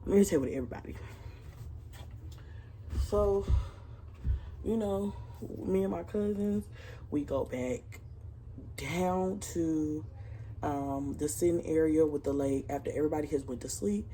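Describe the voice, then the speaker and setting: A woman's voice: sits low, unhurried, long pauses, slight background noise. A young woman vlogger telling a family story in a casual, profane, slang-heavy way and. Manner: profane, animated retelling with slang.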